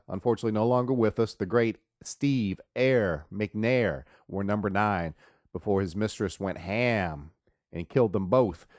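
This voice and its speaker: A man hosts a podcast in a loose, rambling way, joking his way through sports stories. His voice sits at an ordinary middle pitch. The sound is dry and close, with no room around it. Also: no room sound. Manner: loud, drawn-out show opening. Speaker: podcast host. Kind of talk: casual sports monologue.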